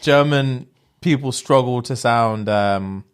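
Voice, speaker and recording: A man's voice: takes it slowly, clear, resonant tone. A young man, co-hosting a podcast in casual, slangy banter. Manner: animated, slangy, jumps into high mock voices. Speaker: podcast co-host.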